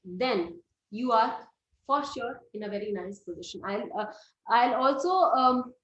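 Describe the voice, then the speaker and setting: A middle-aged woman teaches a class in a fairly high voice. She walks through each point step by step and keeps putting questions to her students. The sound is roomy and a little dull. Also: animated, unhurried. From India. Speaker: astrology teacher. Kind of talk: classroom lecture. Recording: roomy, slightly dull recording.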